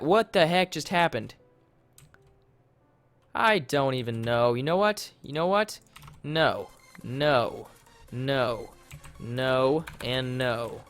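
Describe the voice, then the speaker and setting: A young man casually commenting on his game during a livestream, rambling and easily flustered, and often breaking into loud, panicked yelling. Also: medium pitch, lively intonation, slow pace, pauses often, clear, resonant tone, faint music behind. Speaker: livestreamer playing a modded block game.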